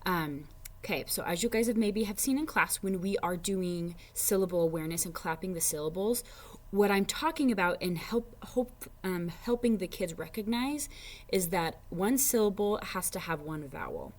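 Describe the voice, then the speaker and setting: A young adult woman teacher giving a casual parent education talk, with many fillers, slowing down to stress sounds when she models words. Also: lowish voice, lively intonation.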